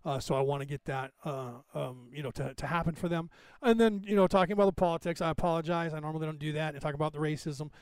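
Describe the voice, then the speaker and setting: A podcast host in his fifties rambles casually through anecdotes and laughs often. He talks fast in a smooth voice on the high side, with no echo.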